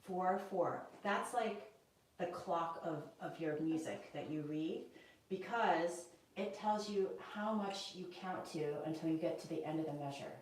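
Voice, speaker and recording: A woman's voice: on the low side, measured pace, very echoey, far from the mic, slight background noise, poor audio. A woman piano teacher giving a one-on-one lesson, patiently explaining step by step and checking that her student understands. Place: indoor room with a piano.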